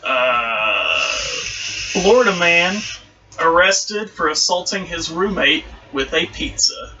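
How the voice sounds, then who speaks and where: High bright man reading news, laughing. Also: animated, slow pace. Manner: reads articles aloud, breaking into laughter. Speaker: podcast co-host reading news stories. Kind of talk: casual chat. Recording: distant mic, dull lo-fi sound.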